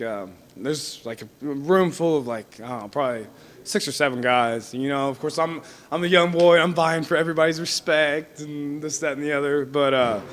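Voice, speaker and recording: A young man being interviewed casually about his wrestling life has a fairly high, fairly bright voice. He rambles through his stories with lots of fillers like "you know what I mean" and laughs often.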